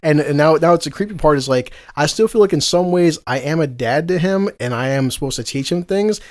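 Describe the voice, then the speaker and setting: Fast-talking profane man in his forties. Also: on the high side, no echo, studio quality. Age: 40s. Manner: profane, rambling, laughs through his stories. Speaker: podcast host. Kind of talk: casual chat.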